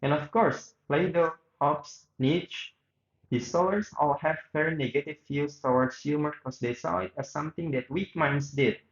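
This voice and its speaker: Taking both host and guest roles, a student reads a radio interview aloud, slipping and restarting now and then. His voice is a little high and moderately paced, and the audio is roomy and dull.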